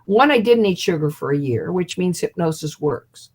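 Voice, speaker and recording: A woman's voice: lowish voice, moderate pace, husky. An older woman in her seventies spins a story with real animation, playing out the voices of the people she quotes. She is a hypnotist guest speaking over a video call. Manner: lively storyteller who acts out quotes and laughs.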